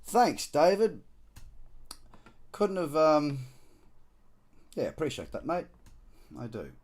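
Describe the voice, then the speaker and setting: A man's voice: on the high side, sing-song, slow, breathy edge. An Australian man hosting a live trading stream, talking casually and slangily as he walks through charts and cracks dad jokes. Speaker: trader hosting a live market scan.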